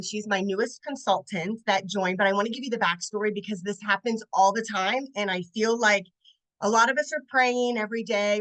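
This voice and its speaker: Woman, late forties, animated storyteller, acts out voices, crisp bright tone, video call. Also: medium pitch, rough recording. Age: 40s. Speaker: network marketing consultant. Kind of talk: storytelling on a team training call.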